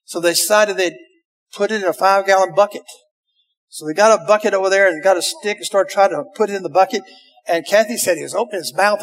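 A man's voice: high-pitched, fairly bright tone. An older man telling folksy outdoor stories to a live audience, chatty and drawling, with frequent filler sounds. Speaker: storyteller. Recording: reverberant hall.

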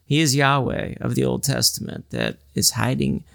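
Male podcast co-host, gravelly voice, dry close sound, unpacks scripture at length. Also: mid-range voice, very animated, normal speed, no echo. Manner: explanatory, quotes scripture at length. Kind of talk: casual Bible study discussion.

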